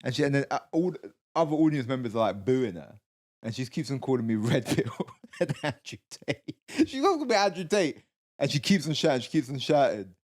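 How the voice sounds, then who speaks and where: A young man, co-hosting a comedy podcast and telling animated stories in casual chat. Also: brisk. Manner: animated storytelling, lively pitch.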